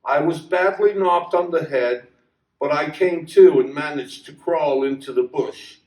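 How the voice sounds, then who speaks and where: A man reading a story aloud, voicing a scarred young man who speaks softly and with resignation. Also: on the high side, measured pace, reverberant, far from the mic, close to an everyday voice, low-quality recording. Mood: subdued. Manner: soft, subdued.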